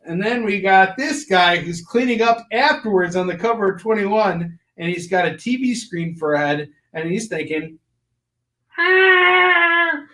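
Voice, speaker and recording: A man hosts a live comic shopping show, delivering an animated, jokey sales pitch and shouting silly sound effects in an echoey room.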